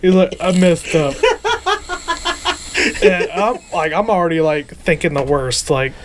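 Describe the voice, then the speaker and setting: A man's voice: fairly high pitch, a little slow, heavy background noise. A man co-hosting a casual podcast, telling a story with lots of swearing and laughter and acting out the quotes. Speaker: podcast co-host.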